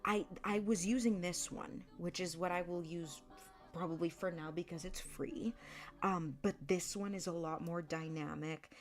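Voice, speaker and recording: Woman, soft-spoken, low voice, muttering to herself while sketching, music in the background. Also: steady tone, normal speed. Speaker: artist streamer. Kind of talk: casual chat while drawing.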